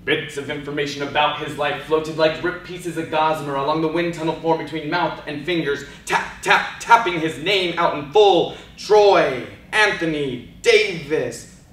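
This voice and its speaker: A man giving a dramatic oral interpretation of poetry, slow and theatrical, dropping to hushed lines and rising to loud cries. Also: on the high side. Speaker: speech and debate competitor. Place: large event hall. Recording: echoey hall recorded from far off.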